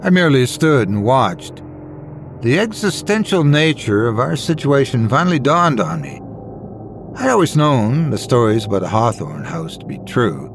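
Male horror storyteller, mid pitch, very expressive delivery, soft music bed. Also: normal speed, background noise. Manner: dramatic, expressive.

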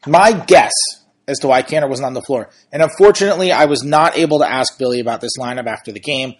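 A man's voice: mid-range voice, fast talker, breathy edge. Man casually breaking down a basketball game. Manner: analytical and conversational. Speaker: sportswriter and podcast host. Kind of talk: casual sports commentary.

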